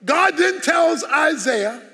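A man's voice: extremely high pitch, expressive, slow pace, creaky, pushed and bright. A man preaching a sermon as pastor, emphatic and full of rhetorical questions. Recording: long hall reverb.

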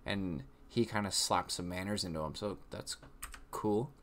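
Young man, low voice, casual reaction chat. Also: measured pace, a bit bright, slight background noise. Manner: casual, loose phrasing with frequent "like". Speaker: reaction video host. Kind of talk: casual live reaction commentary.

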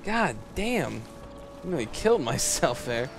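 A man giving casual let's play commentary, excitable and joking, swearing and laughing at the game. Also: fairly high pitch, measured pace. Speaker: gamer. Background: game music.

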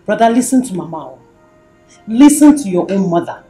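Nollywood: actress as a firm Nigerian sister, warm and lively. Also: female voice, medium pitch, moderate pace, echoey room, soft background music, close to an everyday voice. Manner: advising, firm. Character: sister giving stern advice. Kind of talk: Nollywood film acting.

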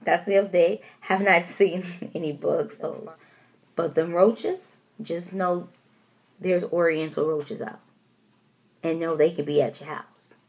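A woman from Detroit telling a story to her camera at home in a casual vlog, animated and expressive, laughing often and acting out what people said. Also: low-pitched, slow, creaky. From Detroit, USA. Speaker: vlogger.

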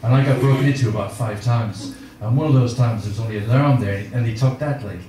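Onstage at a live gig, a middle-aged comic rambles through self-mocking stories, leaning on filler words. His voice is mid-range and he speaks fast. The audio is very noisy, recorded from far away in a reverberant room.

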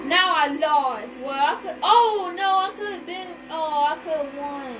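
A woman giving casual, excitable commentary as she plays a racing game, gasping and shrieking at near misses. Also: sits high, unhurried, recorded from a distance, background noise. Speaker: gamer. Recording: game music playing underneath.

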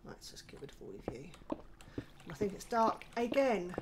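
An older British woman giving casual commentary while she plays a game. She talks to herself, gently scolds herself, and sometimes drops to a whispered mutter. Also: medium pitch, big pitch swings, moderate pace, noisy background. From United Kingdom. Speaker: gaming channel host.

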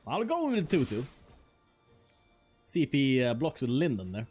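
A man's voice: medium pitch, wildly swooping pitch, normal speed, pauses often, a little mellow, faint music behind. A man streaming a card game, chatting casually and joking as he plays. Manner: playful, joking, laughs often, mock-French asides. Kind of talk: casual gameplay commentary.

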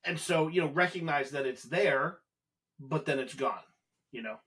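A man's voice: on the high side, normal speed, a bit bright. A man co-hosting a casual podcast, chatting agreeably and offering practical examples. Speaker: podcast co-host.

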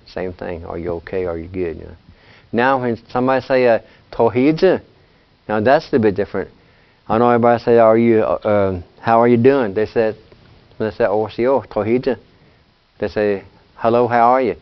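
A man teaching a language class, talking in a relaxed, chatty way and laughing often. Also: on the low side, highs cut off. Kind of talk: classroom lesson.

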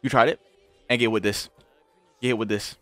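A man's voice: medium pitch, steady tone, normal speed, a bit bright, dry recording, soft background music. A young man giving casual gameplay commentary, trash-talking his opponent and swinging from grumbling to hype. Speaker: gaming channel host. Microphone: desk mic with game audio.

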